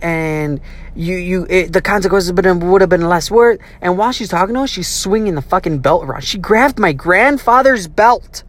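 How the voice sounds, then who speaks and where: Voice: medium pitch, measured pace. A young adult casually telling a childhood story, swearing freely and acting out the people in it. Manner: profane, animated, acts out quotes.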